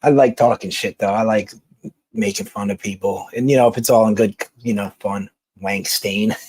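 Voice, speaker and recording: Halting Philly man on a live stream. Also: on the low side, darkish tone, slightly rough, no echo. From Philadelphia. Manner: rambling, halting, with many restarts and laughs. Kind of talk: casual live-stream chat reading comments.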